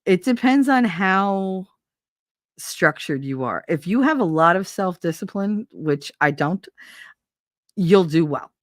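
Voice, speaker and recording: A woman's voice: fairly low pitch, expressive, takes it slowly, dry recording, clean studio sound. Laughing, rambling Jersey woman streamer. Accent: New Jersey. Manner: rambling, laughing, swearing, self-mocking. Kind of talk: casual solo chat.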